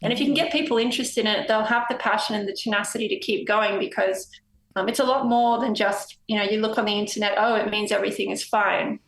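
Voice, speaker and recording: A woman numerologist talking as a podcast guest, animated, laughing often and jumping from story to story. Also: mid-range voice, fast talker, roomy sound, low-quality recording. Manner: animated, laughs often, jumps between stories. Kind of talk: casual podcast chat.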